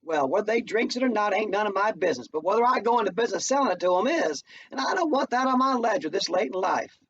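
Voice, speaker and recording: Guy doing an old mama, firm and tired, folksy talk, pitched up high, muffled far-off recording. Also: expressive, fairly bright tone, slightly rough, full character voice. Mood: stern. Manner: slow, folksy dialect. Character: aging mother, devout, firm and weary. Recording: distant muffled home recording, faint noise.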